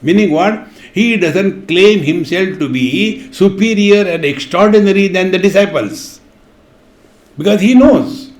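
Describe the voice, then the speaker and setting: A man's voice: sits high, a little mellow. A man giving a spiritual discourse, chanting verses and explaining them with playful stories and acted voices. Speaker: spiritual teacher. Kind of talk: spiritual discourse with humorous anecdotes. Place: retreat hall. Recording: echoey hall.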